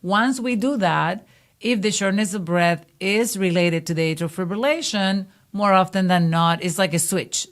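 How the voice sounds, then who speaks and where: A woman who hosts the podcast as a cardiologist, interviewing a patient and explaining things clearly for her listeners. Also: mid-range voice, moderate pace. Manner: explains clearly, steering the conversation.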